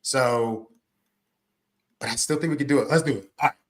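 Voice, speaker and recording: A man co-hosting a casual wrestling podcast, upbeat and relaxed, drawing words out when he stresses them. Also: medium pitch, normal speed. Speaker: podcast co-host. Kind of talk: casual chat.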